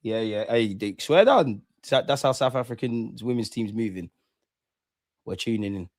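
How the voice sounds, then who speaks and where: A young man hosting a live football watch-along, talking in slang, animated and prone to bursts of excitement. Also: fairly low pitch, normal speed.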